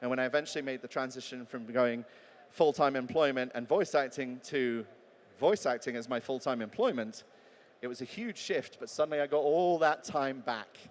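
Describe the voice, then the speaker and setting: A man's voice: medium pitch, moderate pace. A man giving a live talk as a voice actor, chatty and joking, acting out example readings. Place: large talk venue. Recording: long hall reverb.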